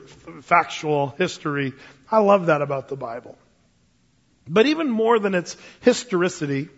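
A male pastor with a high voice preaches a Wednesday-night-style sermon, animated and enthusiastic, slipping in fillers and chuckles. The sound is dull and muffled, with a long reverb trailing off the church walls.

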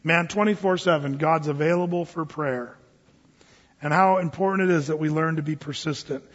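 Speaking at a moderate pace, this husky, high-voiced man in his forties preaches with animation, weaving everyday anecdotes into his sermon. Quoted asides get their own playful character voices. A large hall lends a long reverb to the dull, lo-fi recording.

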